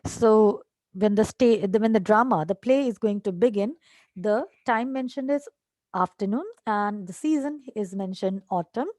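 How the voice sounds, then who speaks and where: An English teacher takes her class through a play line by line, reading each line and then explaining it. She uses fillers and tag questions and switches to Hindi at times. Her medium-pitched, warm voice moves at a moderate pace, and the recording is dry.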